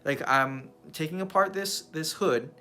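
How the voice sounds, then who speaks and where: Bright-voiced man preaching with animated energy. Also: a little high, measured pace. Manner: animated, repeats words while telling a story. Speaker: youth pastor. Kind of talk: sermon storytelling.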